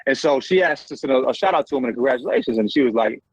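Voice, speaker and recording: A man's voice: medium pitch, animated, rapid-fire, husky, dry recording, rough recording. A man guest on a talk show, telling stories in a loose, profane, filler-heavy casual way. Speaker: podcast guest. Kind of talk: casual chat.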